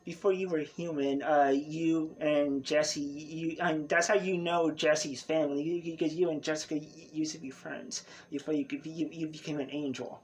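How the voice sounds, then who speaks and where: A man's voice: fairly high pitch, fairly even intonation, moderate pace, few pauses, slight background noise. A man narrating a tabletop role-play as game master, rambling with many fillers and restarts.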